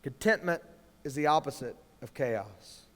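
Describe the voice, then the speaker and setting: A man preaching to students as youth pastor, swinging from hushed lines to loud, emphatic ones. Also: mid-range voice, lively intonation, unhurried. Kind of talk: sermon to students. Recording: long reverb of a large hall.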